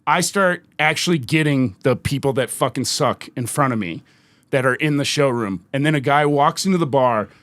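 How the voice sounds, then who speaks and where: A man from Denver, a comedian and podcast host, telling stories in a casual, animated way with plenty of swearing. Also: mid-range voice, normal speed. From Denver, United States. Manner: animated, swearing, acts out voices in anecdotes. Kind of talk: casual storytelling chat.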